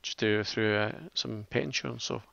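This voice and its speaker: A man's voice: fairly low pitch, steady tone, moderate pace, gravelly, a bit bright, dry recording. A Scottish man co-hosting a casual podcast, rambling through stories and laughing easily. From Scotland. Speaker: podcast co-host. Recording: dull lo-fi sound.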